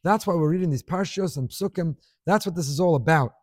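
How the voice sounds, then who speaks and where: A man's voice: a little high, brisk, darkish tone, no echo, studio quality. A man giving a Torah class, teaching expressively with rhetorical questions and scattered Hebrew and Yiddish terms.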